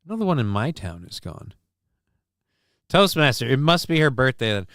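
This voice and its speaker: A man's voice: medium pitch, big pitch swings, normal speed, a bit bright, dry recording, clean studio sound. A man from the American Midwest hosting a casual livestream, joking and rambling as he comments on the news. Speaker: host.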